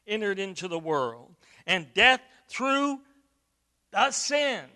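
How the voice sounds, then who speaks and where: A man preaching a sermon, emphatic, with repeated words and loud stressed phrases. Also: high-pitched, sing-song, takes it slowly.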